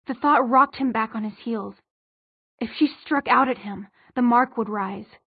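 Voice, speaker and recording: A woman narrating an audiobook in a measured, husky voice, on a tinny, dry recording. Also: fairly high pitch, no room sound.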